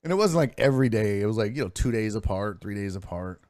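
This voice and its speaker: A man hosts a sports stream in a loose, casual chat, telling stories and reading viewer messages out loud. His delivery is animated, with a pitch that swings up and down a lot. He is recorded close and dry, with almost no room sound. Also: quick pace, dry recording. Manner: animated, reads chat messages aloud and swears freely. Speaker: sports streaming show host.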